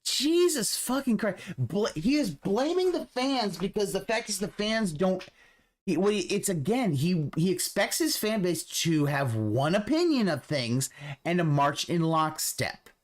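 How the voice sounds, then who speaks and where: Man, mocking commentary, swearing rants, lively swooping voice. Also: high voice, measured pace. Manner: sarcastic, profane ranting. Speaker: stream commentator. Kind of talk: mocking commentary over a stream.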